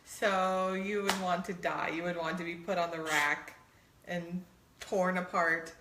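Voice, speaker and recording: A woman's voice: lowish voice, flat delivery, measured pace, echoey room, background noise. A middle-aged woman co-hosting a show, chatting casually and teasingly with her husband, laughing often. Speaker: podcast co-host. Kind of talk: casual chat with spouse.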